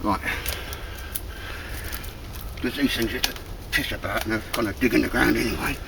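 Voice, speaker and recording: A man's voice: medium pitch, fairly even intonation, normal speed, creaky. A man chatting casually in the woods about a stool he built, calling everyone mate. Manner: chatty, calls everyone mate, laughs often. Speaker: bushcraft vlogger. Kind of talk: casual outdoor chat. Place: woods outdoors. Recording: outdoor camera audio with noise.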